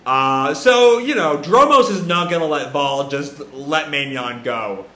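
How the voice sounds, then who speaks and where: A man's voice: on the high side, animated, a little slow, pushed and bright. A man with stuffy sinuses and a cracking voice, reading manga aloud and reacting in a rambling way, in an echoey room. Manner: rambling, thinks aloud with fillers. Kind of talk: casual live reading and reaction.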